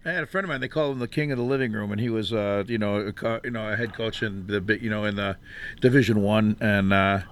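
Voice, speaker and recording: A man's voice: on the low side, fast. A man hosting a radio interview, talking loosely with plenty of fillers and restarts. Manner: loose and rambling, many fillers. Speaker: radio host.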